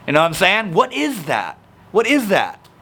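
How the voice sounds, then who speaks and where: Young guy with a bright, slightly high voice, chatty, does little impressions of people. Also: moderate pace, gravelly, slightly rough. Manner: animated, acts out quoted people. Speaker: self-help video host. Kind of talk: casual talking-to-camera explainer.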